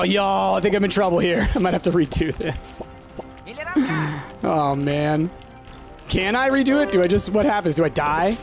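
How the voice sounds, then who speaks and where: Excitable, high-pitched gaming commentator, a man. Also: moderate pace, creaky. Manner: excitable, frequently yelps in frustration; self-deprecating, talks straight to viewers. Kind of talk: let's-play commentary. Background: game music.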